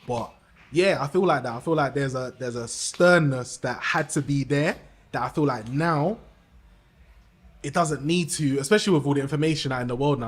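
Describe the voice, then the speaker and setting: Rapper guest saying "yeah, yeah" a lot. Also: male voice, mid-range voice. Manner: constant "yeah, yeah" agreement. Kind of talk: casual chat.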